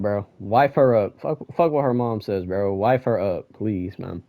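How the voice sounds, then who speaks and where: A young man giving a casual manga chapter review, ranting and excitable and full of slang. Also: lowish voice, a little slow, hardly any pauses, no room sound, lo-fi sound.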